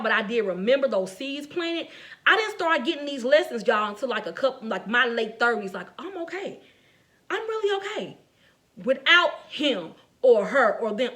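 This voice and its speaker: A middle-aged woman giving a faith-based talk, telling personal stories in a conversational, animated way, often laughing and speaking straight to her listeners. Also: high voice.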